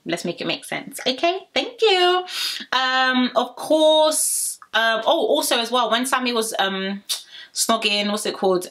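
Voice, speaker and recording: A young woman from Kent, chatting through a sassy recap of a reality show and talking straight to her viewers. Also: mid-range voice. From Kent, England. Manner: animated, sassy, addresses viewers directly. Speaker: reality TV reviewer.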